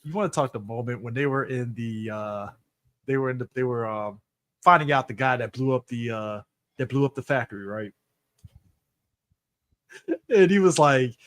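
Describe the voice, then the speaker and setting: A man co-hosting a casual movie podcast, excitable and swearing freely as he retells scenes. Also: mid-range voice, normal speed, pauses often. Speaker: podcast co-host. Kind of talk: casual chat.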